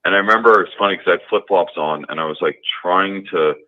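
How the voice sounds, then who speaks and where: A caller to a talk show tells a personal story in an extremely low, booming voice, speaking fast and rambling with plenty of fillers and restarts. The sound comes through a thin, tinny phone line.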